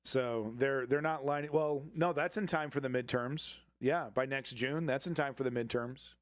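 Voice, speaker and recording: A man's voice: mid-range voice, moderate pace, no echo, studio quality. A man hosting a live political commentary show, talking casually and sarcastically, rambling with restarts and frequent laughs.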